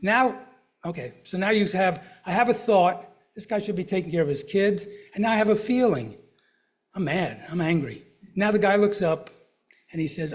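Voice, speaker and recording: A man's voice: high voice, expressive, a little fast. A middle-aged man, a counselor, giving a conversational health talk to a live audience, asking questions and walking through examples. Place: lecture room before a live audience.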